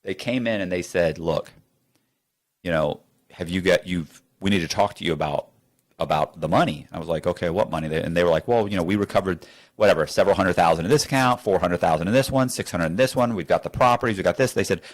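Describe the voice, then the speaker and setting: A man's voice: deep voice, quick pace. A man telling a story as an interview guest in a studio, acting out both sides of the conversations.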